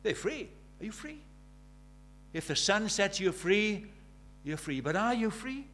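A middle-aged man preaching a sermon. He drops to near-whispers and then rises to loud, urgent questions. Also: high-pitched, very animated, unhurried, slight background noise. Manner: swings from hushed intimacy to loud urgent questions.

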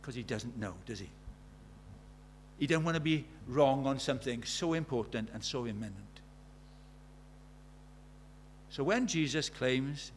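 A man's voice: medium pitch, expressive, moderate pace, slight background noise. A man preaching a sermon in an earnest way, telling stories and asking his listeners many questions.

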